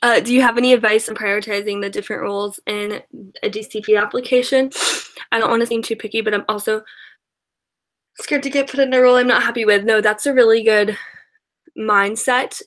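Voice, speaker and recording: A woman's voice: a little high, steady tone, moderate pace, fairly bright tone. Giggly young woman chatting on a live stream. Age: young adult. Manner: rambling, filler-heavy, giggly. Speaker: YouTuber answering live chat. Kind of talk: casual live-stream chat.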